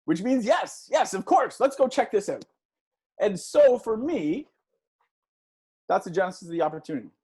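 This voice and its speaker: Husky man telling a lively story. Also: high voice, normal speed, pauses often. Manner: engaging, asks audience for shows of hands; storytelling with a conversational tone. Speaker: guest speaker. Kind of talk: motivational talk to a class.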